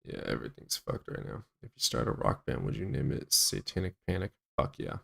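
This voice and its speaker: A man hosting a livestream in loose, crude chat. He taunts and provokes his viewers. His voice sits low with a gravelly rasp. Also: sing-song, brisk, a bit bright. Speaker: livestream host.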